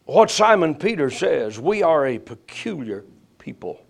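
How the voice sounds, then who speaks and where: A man delivers a sermon in an unhurried, drawn-out way. His voice has a gravelly edge. He builds to loud, emphatic peaks, then sinks low and quiet. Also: very animated. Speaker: preacher.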